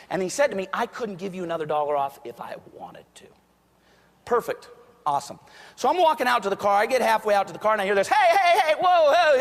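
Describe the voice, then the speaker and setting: A man's voice: high-pitched, a bit bright. A man giving a motivational talk to an audience, telling stories and acting out quoted voices. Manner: storytelling, acts out quoted voices. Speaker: motivational speaker. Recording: long hall reverb.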